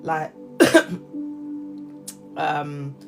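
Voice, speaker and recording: A British woman hosting a casual livestream chat, talking in lively slang and laughing often. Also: deep voice, extremely slow, music in the background. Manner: chatty and animated, laughs often, heavy slang. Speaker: livestream host.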